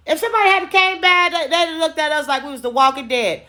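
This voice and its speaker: Bright-voiced woman telling a storytime. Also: very high-pitched, normal speed. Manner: animated, profane, acts out dialogue. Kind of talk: casual storytime.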